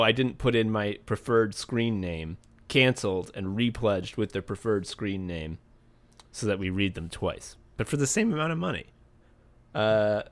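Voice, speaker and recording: A man co-hosting a podcast in casual comedic chat, reading patron names with deadpan absurd jokes. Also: mid-range voice. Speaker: podcast co-host.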